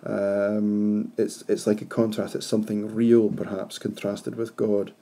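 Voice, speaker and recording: A male teacher works through a poem for his class. His voice is low and gravelly, with a dark, mellow tone and a husky edge. He pauses to ask his students reflective questions as he explains. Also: flat delivery. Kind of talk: classroom poetry analysis.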